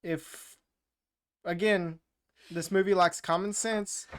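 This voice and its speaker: Slow and smooth, with a high voice and fairly even intonation, a man co-hosts a podcast. In casual chat, he gives a rambling retelling of a movie plot, complete with quoted lines.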